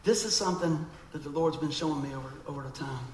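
A man's voice: on the high side, fast talker, a little mellow, roomy sound, slight background noise, rough recording. A man preaching a sermon, telling a story animatedly and acting out the voices of people in it.

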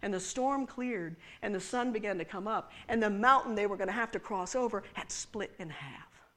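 A woman's voice: mid-range voice, fairly quick, a bit bright. A woman preaching a sermon to a congregation, playful and teasing as she talks to the people in the room. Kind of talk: sermon with props.

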